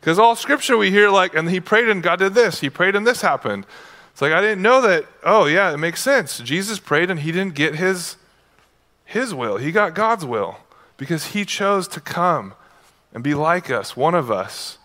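A man's voice: sits high, lively intonation, moderate pace, sharp tone. A male pastor preaching a sermon in a casual, conversational way, with playful asides. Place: church.

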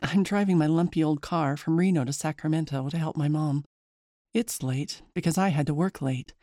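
A woman narrating a scary story in the first person in a lively, chatty way. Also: deep voice, moderate pace, no room sound, studio quality.

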